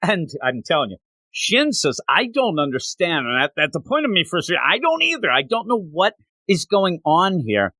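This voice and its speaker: A man co-hosting a manga review show in casual chat, retelling scenes in an animated way with quick asides. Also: sits high, dry recording. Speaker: podcast co-host reviewing manga.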